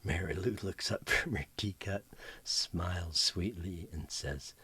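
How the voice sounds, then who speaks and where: A middle-aged man telling a joke in a relaxed, folksy, homespun style. His voice is very low and deeply husky, rough around the edges. He often sinks into a near-whisper as he tells it. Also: a little slow, no echo. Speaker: comedy show host.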